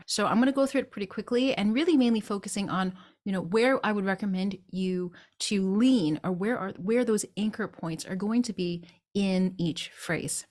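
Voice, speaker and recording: A woman vocal coach explaining singing technique and breaking into short sung demonstrations of phrases. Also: medium pitch.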